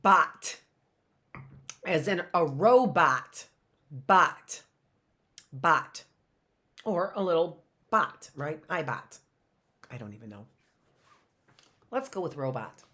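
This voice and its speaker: Middle-aged woman teacher, unhurried, lowish voice, sounds out words for small kids. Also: animated, a bit bright. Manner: slow, sounding out words syllable by syllable. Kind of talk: phonics lesson for young children.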